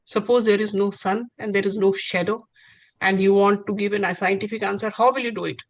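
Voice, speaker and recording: A man's voice: high voice, steady tone, brisk, low-quality recording. A woman voicing a strict, irritated male science teacher who scolds his student. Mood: exasperated.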